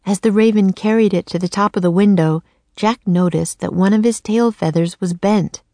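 A woman narrating a children's chapter book in a calm, measured storytelling manner. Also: medium pitch, dry recording. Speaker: audiobook narrator. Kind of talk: scripted narration.

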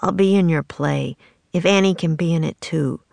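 A woman voicing a shy, reluctant young boy in a storybook reading, quiet and muttering. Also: sits low, moderate pace, creaky, no echo.

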